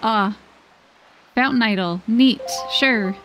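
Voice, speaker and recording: A woman streamer chatting casually with her viewers during a gameplay livestream, bubbly and quick to giggle. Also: a little high, a bit bright, soft background music. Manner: bubbly, giggly, talks to chat.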